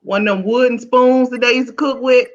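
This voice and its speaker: A woman's voice: fairly high pitch, fairly even intonation, fairly quick, highs cut off. A woman co-hosting a podcast, chatting and joking casually. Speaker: podcast co-host. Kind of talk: casual chat.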